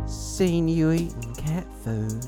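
A man putting on an exaggerated sexy Southern accent to read a personal ad aloud, drawling and slow. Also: fairly high pitch, lively intonation, music in the background, voice pushed up. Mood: sultry. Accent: American Southern.

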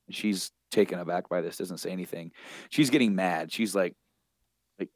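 Man, low voice, casual comic recap, rambling, dry close sound. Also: moderate pace, no echo. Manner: rambling retelling with many fillers and restarts.

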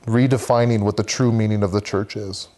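Man, lowish voice, podcast guest, earnest storytelling, faith testimony. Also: steady tone, fairly quick, mellow. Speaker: podcast guest, men's church group leader.

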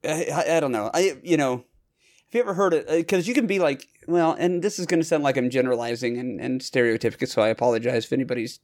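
A man's voice: mid-range voice, fast, a little mellow. Rambling, chatty podcast host man. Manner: rambling, self-correcting, chatty. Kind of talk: casual chat.

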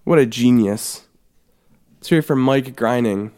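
A man co-hosting a comedy podcast, excitable and jokey, with sudden high exclamations. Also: a little slow. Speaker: podcast co-host. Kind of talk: casual comedic chat.

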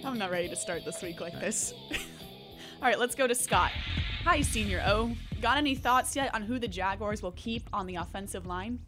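A woman's voice: medium pitch, moderate pace, music in the background. Upbeat woman hosting sports radio. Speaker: sports radio host reading listener questions. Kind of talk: casual sports talk.

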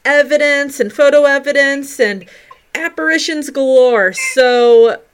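A bubbly woman wraps up her paranormal podcast in a slightly high voice. She talks brightly and warmly to her listeners and keeps breaking into giggles. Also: measured pace. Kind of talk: podcast outro.

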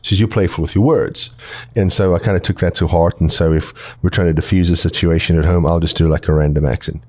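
A man with a very deep, low voice trades quick-witted, teasing banter as co-host of a casual podcast conversation. His humour is dry and playful. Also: little pitch movement, a little mellow, dry recording.

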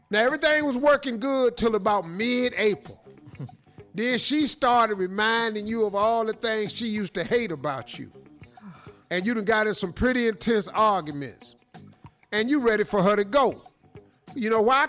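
A man's voice: high voice, fairly bright tone. A man hosting a comic advice show, acting out scenes in put-on voices. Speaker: radio show host.

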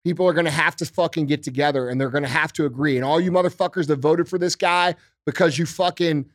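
On a podcast, a male host with a rather high voice and steady tone rants about politics at a quick clip, swearing heavily and firing off repeated rhetorical questions. The recording is clean studio sound with no echo.

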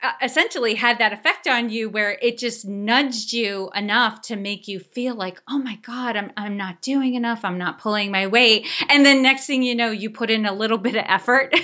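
A woman's voice: on the high side, moderate pace, hardly any pauses, pushed and bright. A woman host leading an interview, encouraging and reflective in tone. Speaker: podcast host. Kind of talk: interview questions.

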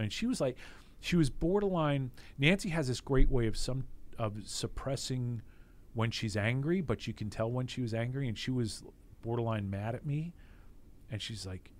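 A middle-aged man with a mid-range, darkish voice speaks at normal speed as an interview guest on a podcast. A former team executive, he gives a candid, emotional interview, reflecting with frequent restarts.

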